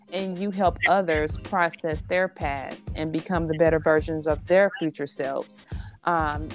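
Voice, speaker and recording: A woman hosting a podcast interview, asking questions gently with soft fillers. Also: lowish voice. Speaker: podcast host.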